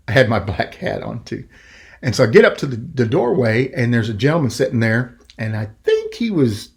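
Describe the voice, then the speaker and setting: A middle-aged man hosting a podcast, telling a story in a rambling, animated way and acting out the quoted voices. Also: mid-range voice. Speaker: podcast host. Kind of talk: casual storytelling.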